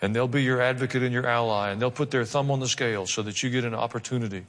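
A man's voice: mid-range voice, fairly even intonation, quick pace, long reverb tail. A man preaching a sermon, reading scripture aloud and breaking off into humorous asides and mock voices. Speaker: pastor.

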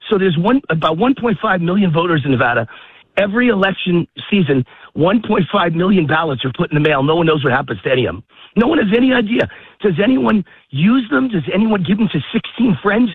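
A man calls in while walking outdoors, audibly out of breath. His voice is high and husky, squeezed through a dry, tinny phone line. He talks in an emphatic, repetitive barrage. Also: expressive, no echo. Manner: emphatic, rapid-fire and repetitive. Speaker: call-in guest. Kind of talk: heated political phone interview. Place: outdoors walking a dog in a park.

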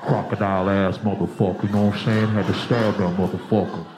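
A man voicing a stingray talking like a boastful street tough, low and gruff, in an echoey room. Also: little pitch movement, brisk, a crowd in the background, background noise, lightly acted. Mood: aggrieved boasting.

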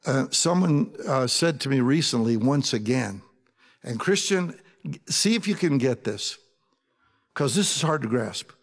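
A man preaching a sermon as pastor, talking in a conversational, animated way with asides to his congregation. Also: mid-range voice, unhurried, in a large hall.

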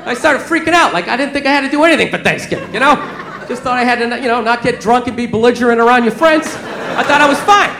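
Man, stand-up comic, very high pitch, profane storytelling, echoey club, audience noise. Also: animated, fast talker, sharp tone, a faint crowd. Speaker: stand-up comedian. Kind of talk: stand-up comedy set. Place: comedy club stage. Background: audience laughter.

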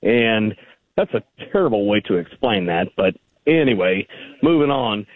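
A man's voice: on the low side, animated, normal speed, no echo. A man calling into a radio show, rambling and argumentative, heard over a tinny phone line. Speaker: caller. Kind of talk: call-in conversation.

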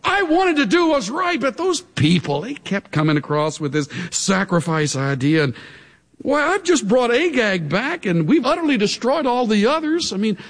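A preacher voicing an ancient king who whines high and evasively, dodging blame. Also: big pitch swings, moderate pace, fairly bright tone, full character voice. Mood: defensive. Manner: whiny, high-pitched pleading.

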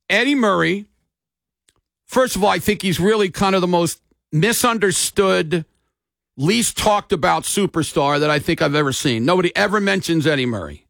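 A man's voice: sits high, gravelly, a bit bright, no echo, studio quality. A middle-aged man hosting a sports radio talk show, telling stories in a folksy, emphatic way.

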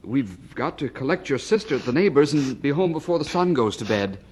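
Man playing a calm, patient father. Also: mid-range voice, fairly quick, a little hiss or hum, natural voice. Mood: reassuring. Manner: calm, reassuring. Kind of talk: radio drama acting.

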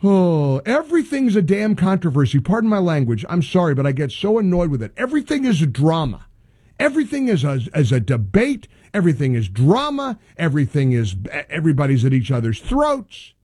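Exasperated high-voiced male radio host. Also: brisk, husky, dry recording, studio quality. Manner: exasperated, ranting, animated. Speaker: radio talk show host. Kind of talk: casual talk radio monologue.

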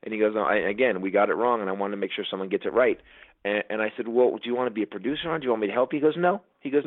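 Fast-talking man on a tinny line. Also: fairly low pitch, no room sound. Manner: animated storyteller, acts out quotes. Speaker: guest comedian. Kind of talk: casual interview storytelling.

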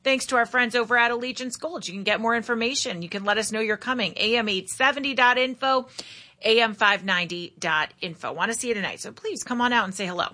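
A woman hosting a talk radio show, upbeat and brisk as she takes calls. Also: a little high, pushed and bright.

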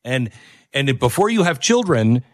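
A man's voice: mid-range voice, sing-song, unhurried, no echo. A man hosting an opinionated commentary show, talking emphatically and repeating key phrases.

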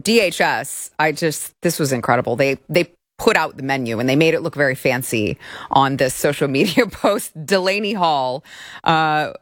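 A woman's voice: on the low side, fairly bright tone, no echo, studio quality. A woman hosting a political commentary show, speaking in a sarcastic, indignant tone. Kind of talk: opinionated commentary.

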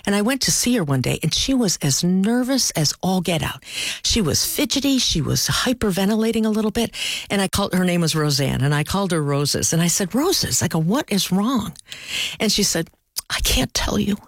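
A woman working in palliative care, talking in an interview and telling stories with lively swings in voice. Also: a little fast, no echo, studio quality. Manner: animated, rises high when telling stories. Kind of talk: conversational interview storytelling.

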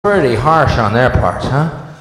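A man doing a sarcastic stand-up rant in an exasperated tone, bursting into shouts. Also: medium pitch, big pitch swings, unhurried, a little hiss or hum. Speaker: stand-up comedian. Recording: echoey hall recording.

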